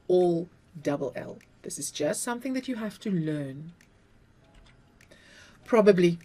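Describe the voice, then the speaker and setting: Here an English teacher, a middle-aged woman with a South African accent, patiently walks learners through spelling and sounds out each word letter by letter. She has a mid-range voice with a slightly mellow quality.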